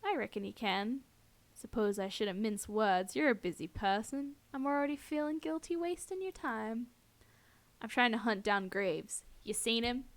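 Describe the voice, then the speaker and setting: A woman voicing a sweetly threatening male stalker who speaks in a slow, lazy drawl. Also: fairly high pitch, lightly acted. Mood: sweetly menacing.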